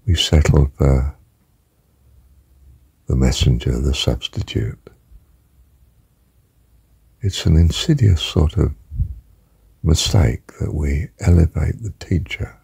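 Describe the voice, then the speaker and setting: An older man speaks in a very deep, gravelly voice, unhurried and emphatic as he teaches on spiritual matters. He often sinks into a hushed, husky whisper. The sound is close and dry. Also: no echo. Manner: emphatic, slow and deliberate, drops to a hushed whisper. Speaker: religious teacher. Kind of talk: spiritual talk.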